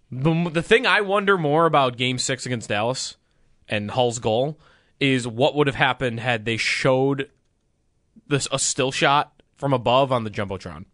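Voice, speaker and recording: A man co-hosting sports talk radio, talking things through in a musing way with quick agreements. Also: mid-range voice, a bit bright, dry recording, clean studio sound.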